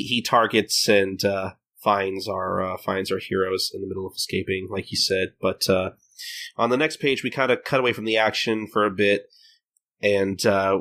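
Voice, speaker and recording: A man's voice: lowish voice, sharp tone. A man hosting a casual podcast chat, rambling with many restarts and acting out lines. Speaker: podcast host.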